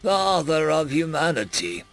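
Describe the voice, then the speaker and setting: A man voicing an ancient male housekeeper of humanity who speaks wryly and calmly in a storybook reading. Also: on the high side, a little slow, gravelly, soft background music, exaggerated voice. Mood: amused.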